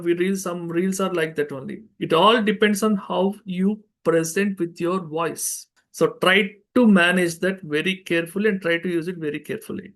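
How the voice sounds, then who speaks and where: A man with an Indian English accent giving an online public speaking workshop, earnest and emphatic, with frequent fillers. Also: fairly high pitch. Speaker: speaker and trainer.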